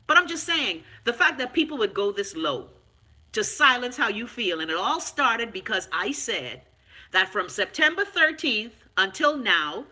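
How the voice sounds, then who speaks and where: A woman's voice: a little high, sing-song, measured pace, sharp tone. A middle-aged Bahamian woman ranting on her vlog, sarcastic, profane and emphatic. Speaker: vlogger. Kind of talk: unscripted vlog rant.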